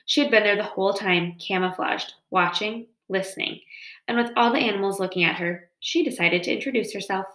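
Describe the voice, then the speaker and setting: A woman's voice: mid-range voice, a little fast, fairly bright tone. A woman reading a children's novel aloud in a storytelling manner. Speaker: reader. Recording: roomy echo.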